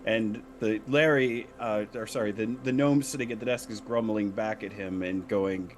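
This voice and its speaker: A man narrating a tabletop game as game master, describing scenes in a halting way with many fillers and restarts. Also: fairly low pitch, fairly even intonation, faint music behind.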